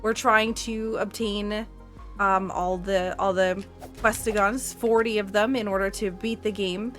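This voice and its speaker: A woman's voice: mid-range voice, steady tone, measured pace, soft background music. A woman playing a game live and explaining it as she goes, chatty and laughing often, with plenty of fillers. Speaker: speedrun player. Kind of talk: live gameplay commentary.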